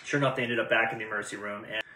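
A man's voice: on the low side, very fast, far from the mic, a little hiss or hum. A man hosting a vet podcast, telling cautionary tales and corny jokes in a casual chat. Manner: storytelling, lively joke delivery. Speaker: veterinarian podcast host. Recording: roomy, from off the mic.

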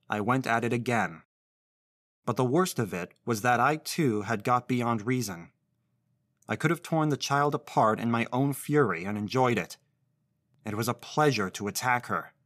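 A man narrating a literary short story in first person, with a measured, intense reading. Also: medium pitch, a bit bright, dry recording, studio quality.

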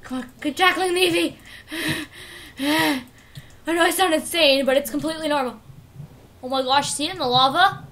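A young woman commentating her own Pixelmon let's play, rambling casually and bursting into excited shrieks. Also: high voice, moderate pace, pauses often. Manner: chatty, swings from mumbling to excited shrieks. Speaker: gaming YouTuber.

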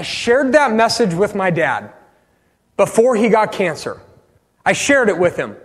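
A man preaching a sermon as pastor, passionate, swinging from loud bursts to hushed pleas. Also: high voice, very animated, unhurried, long pauses, big-room sound. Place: church sanctuary.

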